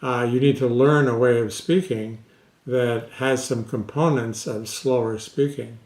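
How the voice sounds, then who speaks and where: Slow-talking man in an echoey room. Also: medium pitch, steady tone, a little mellow. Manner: unhurried, with many pauses and fillers. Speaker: stuttering specialist. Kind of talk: casual advice talk to camera.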